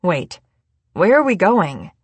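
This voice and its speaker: A woman voicing a giddy, tipsy young adult chef in an audiobook, talking in a playful, animated way. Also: fairly low pitch, slow pace, slightly rough, dry recording, exaggerated voice.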